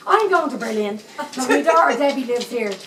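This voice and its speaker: A woman's voice: high-pitched, animated, fairly quick, crowd noise. A woman performing a foul-mouthed 78-year-old Dublin psychic in a live stage comedy monologue, with a thick Dublin accent and constant swearing asides. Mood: cheeky. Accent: Dublin Irish. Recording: echoey room, mic far off.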